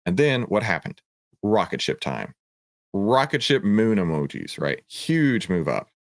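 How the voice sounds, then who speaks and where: A middle-aged man with a fairly low voice runs a trading lesson, and his pitch swings widely as he hammers home his points. He leans on rhetorical questions and repeated lines, and the recording sounds dry and close. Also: sing-song, measured pace, no room sound. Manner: emphatic and preachy, with rhetorical questions and repeated phrases. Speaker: trading educator and host. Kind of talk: energetic stock-chart walkthrough.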